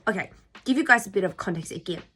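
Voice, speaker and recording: Woman, young, Indian English accent, Lotha first language, vlogger, animated casual chat, middle pitch, faint background music. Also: quick pace, husky. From Nagaland, India. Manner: animated, jokey, mimics voices and accents.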